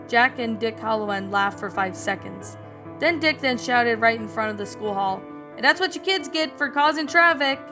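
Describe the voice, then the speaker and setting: A woman reading a fan story aloud in a casual way with a few slips, adding her own comments. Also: a little high. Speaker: story narrator and reviewer. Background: background music.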